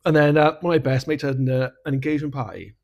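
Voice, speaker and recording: A Welsh man co-hosting a podcast, telling a personal story in a frank, casual way, swearing freely and laughing at his own dark humour. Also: fairly high pitch, racing. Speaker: podcast co-host.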